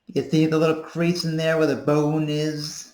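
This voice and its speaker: A woman's voice: sits low, flat delivery, normal speed, darkish tone, roomy sound. A woman giving an informal voice-training tutorial, explaining and demonstrating as she goes. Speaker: voice coach. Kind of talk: casual video tutorial.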